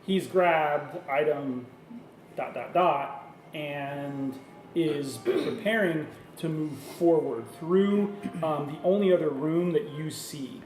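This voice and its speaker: Male game master, halting delivery, fairly high voice, echoey room. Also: darkish tone, recorded from a distance. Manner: halting, many fillers and restarts, laughs at himself. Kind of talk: narrating a tabletop game. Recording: echoey room with faint noise.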